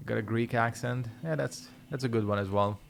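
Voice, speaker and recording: A man's voice: medium pitch, brisk, creaky, slight background noise. A man chatting casually while streaming a game, rambling and swearing freely. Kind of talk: casual gameplay commentary.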